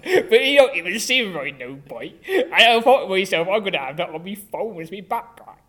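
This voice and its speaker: A man's voice: high-pitched, animated, fairly quick, few pauses, bright, forceful tone. A man on a comedy podcast, rambling through improvised bits with lots of hesitations. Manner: rambling, hesitant, many fillers.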